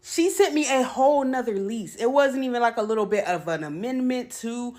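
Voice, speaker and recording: Woman, casual storytelling rant, acts out both sides of the exchange, slightly high voice. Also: expressive, fairly quick, darkish tone. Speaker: tenant ranting about her landlord.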